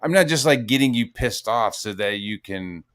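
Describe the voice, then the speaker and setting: A middle-aged man hosting a casual, profane chat, animated and jumping into high-pitched quoted voices. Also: normal speed. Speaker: podcast host.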